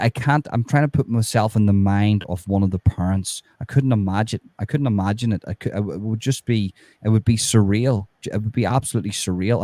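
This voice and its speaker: Guy ranting and cursing, lowish mellow voice, dead dry mic. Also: dry recording. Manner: heated, swears a lot, restarts and laughs. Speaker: podcast co-host. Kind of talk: casual true-crime chat.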